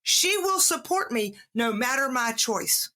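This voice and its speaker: Bright-voiced woman hosting a heartfelt chat. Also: sits high, lively intonation, measured pace. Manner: emphatic, heartfelt, acts out inner voices. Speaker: podcast host. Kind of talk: casual conversation.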